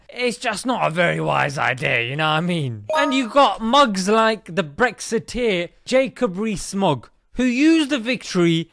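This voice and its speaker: A man's voice: high-pitched, a bit bright, dry recording, studio quality. A man hosting a satirical comedy commentary, cheeky and jokey, calling everyone mate. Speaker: comedy host.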